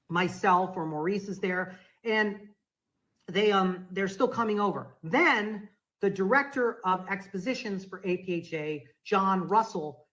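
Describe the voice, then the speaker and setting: A woman with a lowish voice, recorded with poor audio, guests on a podcast and tells a story conversationally. She is animated, acting out the quoted lines of the people in it.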